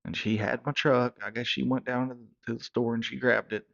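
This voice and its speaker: Over a dull, lo-fi recording, a comedy character narrator in his 30s tells a meandering funny tale, his hillbilly drawl punctuated by stumbling repeats. He speaks fairly quickly at medium pitch with fairly even intonation, and his tone is creaky yet fairly bright.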